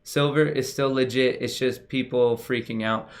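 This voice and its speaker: A young man hosting a casual livestream, excitable and gushing as he talks straight to his viewers. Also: medium pitch, normal speed. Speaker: livestream host.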